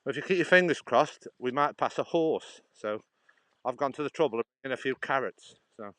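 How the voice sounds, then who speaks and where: This Stoke-on-Trent livestream walker talks at medium pitch with lively intonation, slightly fast and a bit bright. Out on a canal path, he rambles, laughs often and answers viewers' comments. The handheld phone picks up no room sound.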